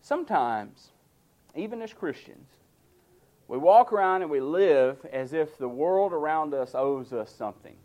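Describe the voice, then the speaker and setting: High-voiced man preaching a sermon. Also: animated, a little slow. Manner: earnest, rising and falling emphasis with quiet asides.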